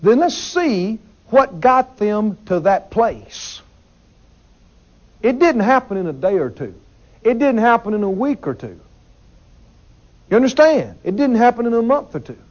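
A man's voice: high voice, big pitch swings, a little slow, pauses often, muffled recording. A man preaching a sermon in an emphatic way, repeating his phrases and putting questions to the congregation.

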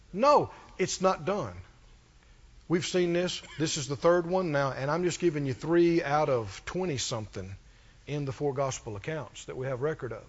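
A man's voice: a little high, slightly rough, dull audio. A man preaching a sermon with rising fervor, asking the congregation questions and calling for responses.

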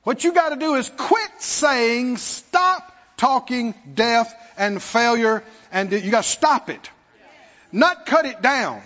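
In a church sanctuary, a preacher with an extremely high, expressive, fairly bright voice speaks slowly, calling out to the congregation and mockingly acting out worried believers. The recording is dull and lo-fi with long hall reverb.

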